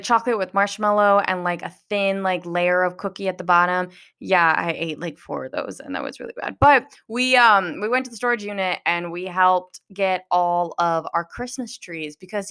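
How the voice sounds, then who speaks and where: Bright, nervous young woman podcast host. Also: medium pitch, smooth. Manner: nervous, giggly, rambling with restarts. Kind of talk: casual solo podcast chat. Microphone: home recording.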